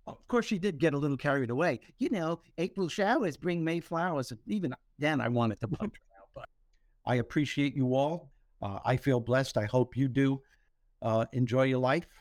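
A man hosting a podcast, telling stories with humor in an animated, motivational way. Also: mid-range voice, moderate pace, dry recording, studio quality. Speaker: podcast host. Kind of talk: motivational storytelling talk.

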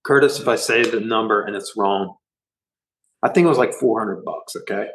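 A middle-aged man, a band musician, telling a story in a rambling, profane, animated way during a casual interview. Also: fairly low pitch, normal speed, a little hiss or hum, poor audio.

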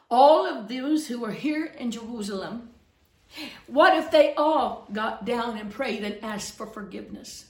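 A woman's voice: fairly high pitch, a little slow. Fervent preaching woman in an echoey room. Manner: fervent, swings from loud scolding to hushed earnestness. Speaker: pastor. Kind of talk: preaching to camera.

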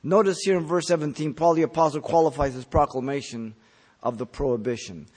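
A man preaching a verse-by-verse sermon, explaining the text in an emphatic teaching manner, with his pitch lifting sharply on key words and then falling. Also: steady tone, a little fast, a little mellow. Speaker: pastor. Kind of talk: expository sermon.

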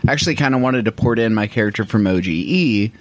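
A man's voice: on the low side, quick pace, a crowd in the background. A man in casual podcast chat, rambling and swearing freely, a little self-mocking. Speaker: tabletop game player on a podcast.

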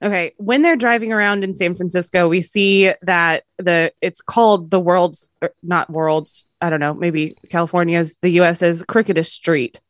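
A woman's voice: on the low side, steady tone, moderate pace, dry recording, studio quality. Giggly, chatty woman podcast co-host. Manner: chatty, giggly, trails off mid-thought. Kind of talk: casual movie review chat.

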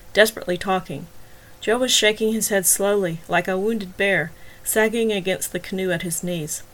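A woman reading a novel aloud in even, measured audiobook narration. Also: medium pitch.

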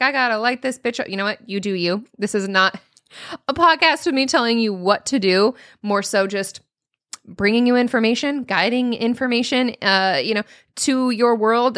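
A woman in her thirties hosting a solo coaching podcast, talking casually and profanely, with high-pitched mock voices when she quotes people. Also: a bit bright, no echo, studio quality.

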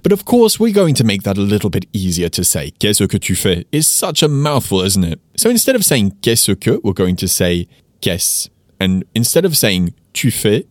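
Male teacher, podcast host: low, animated delivery, slows down on example phrases, dry booth sound. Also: dry recording. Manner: lively, explains with slowed-down French examples. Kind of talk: casual podcast lesson.

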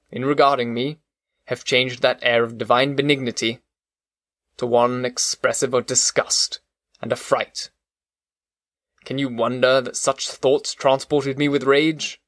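Male audiobook narrator, measured and even, mid-pitched, dry booth sound. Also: no room sound. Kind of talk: scripted narration of a classic novel.

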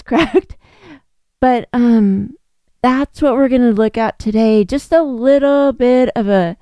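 A middle-aged woman hosting a podcast, speaking in a gentle, earnest and reassuring way in a reflective solo talk. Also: a little high, no room sound. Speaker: podcast host.

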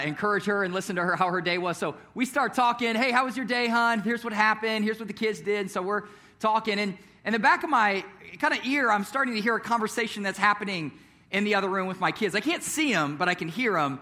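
A man's voice: sits high, brisk, bright, forceful tone. A young adult male pastor praying and preaching at a church service, telling stories casually with frequent fillers and chuckles. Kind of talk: sermon with prayer and personal story.

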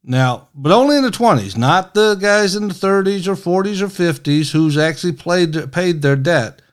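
A man's voice: sits high, lively intonation, normal speed. A middle-aged man hosting a casual political commentary, talking in a sarcastic, mocking, folksy way.

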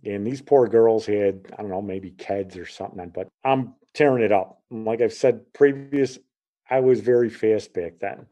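A middle-aged Chicago man tells a personal story casually and with animation, performing the voices of the people in it. His voice is on the low side at a moderate pace, with the highs cut off.

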